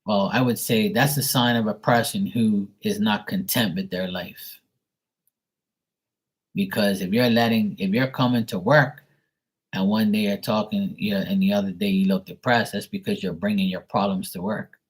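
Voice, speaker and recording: A man running a live tarot stream, chatting and rambling in a casual, loose way. His voice sits a bit low, and he swears freely and laughs often as he talks. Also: steady tone, moderate pace, husky, rough recording. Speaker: tarot reader.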